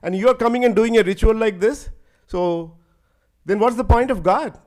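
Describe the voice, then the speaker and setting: A spirited, defiant young woman from an ancient love poem, put on by a man telling her story. The voice sits fairly high and carries a lively, scolding edge. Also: normal speed, lightly acted.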